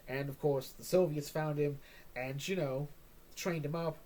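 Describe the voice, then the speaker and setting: A man's voice: a little high, steady tone, a little slow, darkish tone, a little hiss or hum. A man hosting a casual comic book chat, joking and rambling, often tagging on "all right?". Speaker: comic book podcast host.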